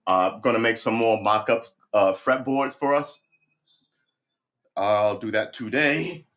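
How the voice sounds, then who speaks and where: A man hosting a casual home livestream, relaxed and chatty, often coaxing his dog in a sing-song voice. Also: mid-range voice, unhurried. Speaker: livestream host. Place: home room.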